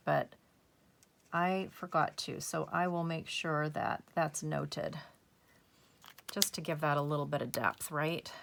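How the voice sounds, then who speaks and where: A woman with a fairly low voice talks through her coloring work at a very slow, easy pace. She explains each step of a crafting tutorial softly and encourages practice as she goes. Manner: soft, unhurried, gently encouraging. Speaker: crafting channel host.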